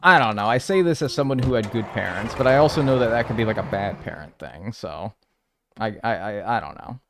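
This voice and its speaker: A man's voice: fairly low pitch, animated, a little fast, gravelly, a little hiss or hum. A man in his twenties chatting casually and profanely with his viewers while playing a game, rambling and trailing off into mumbles. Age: 20s. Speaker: streamer. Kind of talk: casual chat while gaming and reading chat.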